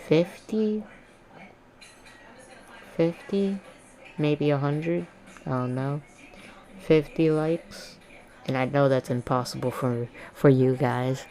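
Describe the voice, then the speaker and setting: Woman, low voice, rambling, jokey casual storyteller. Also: dark tone. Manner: rambling, jokey, self-correcting. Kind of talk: casual fan-fiction retelling.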